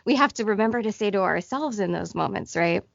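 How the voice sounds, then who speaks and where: A woman's voice: medium pitch, animated, quick pace, gravelly, no room sound, dull audio. A woman co-hosting a podcast, reflecting aloud and searching for her words. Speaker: podcast co-host. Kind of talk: casual chat.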